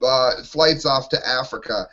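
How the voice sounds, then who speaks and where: A man's voice: mid-range voice, measured pace, sharp tone. A man ranting in an exasperated way while co-hosting an opinionated panel talk show, heard over lo-fi online call audio.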